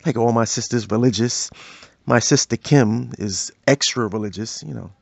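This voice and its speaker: A man hosting a podcast, telling comic stories in an animated, slangy way. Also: mid-range voice, normal speed, vocal fry, slightly rough, no echo. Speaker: podcast host. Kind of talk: comedic storytelling.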